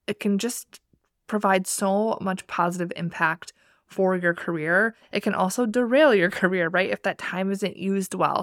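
A woman's voice: lowish voice, fairly bright tone, no room sound, studio quality. A woman hosting a career podcast, talking directly and with upbeat motivation. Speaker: podcast host and career coach. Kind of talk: scripted podcast intro and solo talk.

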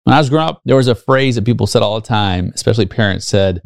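A gravelly man in his fifties hosts a solo podcast and speaks earnestly, drawing on personal stories and asking his listeners rhetorical questions. His pitch sits in a middle range, and the recording is dry and close. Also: big pitch swings, fast talker, few pauses, a little mellow, no echo. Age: 50s. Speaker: podcast host. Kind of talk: solo leadership podcast monologue.

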